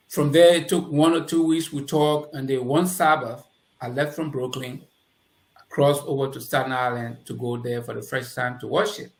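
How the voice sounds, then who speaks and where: A mid-range male voice at normal speed, with Liberian English accent, belongs to a guest telling his life story in conversation. He animatedly performs recalled dialogue in a roomy, echoey room.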